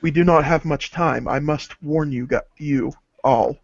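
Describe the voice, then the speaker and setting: Grave spirit herald of the gods, higher-pitched male voice, dry muffled sound, a game master puts him on. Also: unhurried, gravelly, dry recording. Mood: solemn. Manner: grave, portentous pronouncements. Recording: dull lo-fi dry recording.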